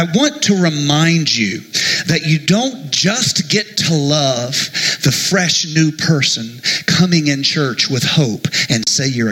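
A middle-aged man preaching a sermon in a church, animated and joking, with sudden hushed asides to the congregation. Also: fairly high pitch, low-quality recording. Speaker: pastor.

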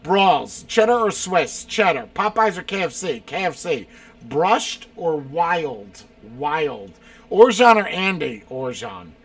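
A man fires back quick answers in a loose, casual chat, his voice high and very lively. He swears freely and breaks into shouts and laughs. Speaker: streamer answering rapid-fire questions. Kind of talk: casual chat, lightning round.

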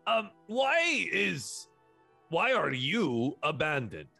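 A man's voice: a little high, big pitch swings, drawn-out words, vocal fry, bright, forceful tone, soft background music. A man playing a tabletop game, chatty and playful. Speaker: player. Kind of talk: casual tabletop play.

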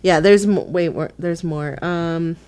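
A woman's voice: on the low side, measured pace, darkish tone, clean tone. A young woman co-hosting a casual podcast chat, emotional and crying, laughing through her tears. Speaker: podcast co-host.

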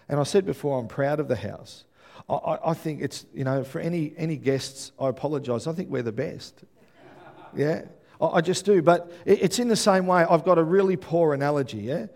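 An Australian man preaching a sermon as pastor, telling stories with lively energy and often checking in with the congregation. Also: a little high. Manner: animated storytelling with frequent "yeah?" check-ins to the congregation.

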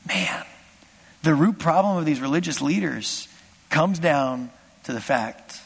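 Male pastor with a high voice, delivering a passionate sermon that swings between loud and hushed, recorded in a reverberant hall. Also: animated, measured pace, creaky, slightly rough. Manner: impassioned, swings from loud exclamations to hushed asides.

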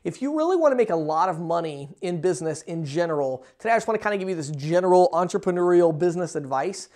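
A man's voice: high voice, lively intonation, fast, a little mellow. Man, podcast host, casual business advice, blunt, persuasive, loose fillers. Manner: mimics listeners in quoted asides. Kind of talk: casual monologue.

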